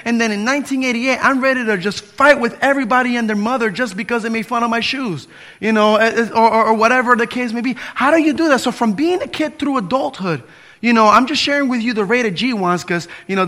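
A man in his fifties preaching a sermon as pastor, impassioned, swinging between loud appeals and hushed pleading. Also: very high-pitched.

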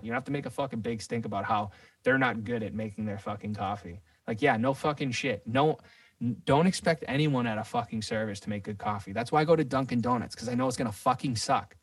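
Male podcast co-host, rambling profane rant, mid pitch, dry and slightly off-mic. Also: quick pace, husky, no echo, distant mic. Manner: profane, rambling, says dude a lot.

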